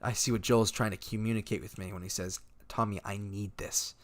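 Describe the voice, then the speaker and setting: A man's voice: on the low side, fairly even intonation, brisk. A young man hosting a podcast, casually retelling game scenes with lots of fillers and acted-out quotes. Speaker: podcast host. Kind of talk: casual chat.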